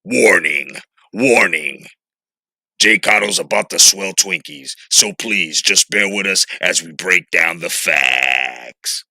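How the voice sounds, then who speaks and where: A man voicing a slow, booming announcer who delivers a mock warning in a deep, gravelly voice. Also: expressive, sharp tone, no room sound, exaggerated voice. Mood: mock-ominous.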